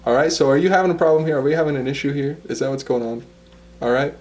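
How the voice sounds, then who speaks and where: A man's voice: mid-range voice, racing, darkish tone, natural voice. A man playing a defensive, rambling fisherman being interviewed in an improvised comedy sketch, who says "okay" constantly. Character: brash touchy fisherman guest, male, young adult. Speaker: interview guest. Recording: echoey room, mic far off, faint noise.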